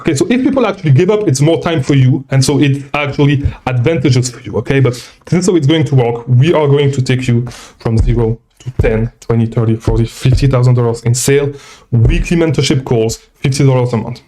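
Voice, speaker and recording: A man's voice: medium pitch, a little fast, mellow. Breathless man on a live Q&A. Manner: rambling, repeats okay, reads viewer questions. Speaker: livestream host and seller coach. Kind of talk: casual live Q&A. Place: traveling, indoors.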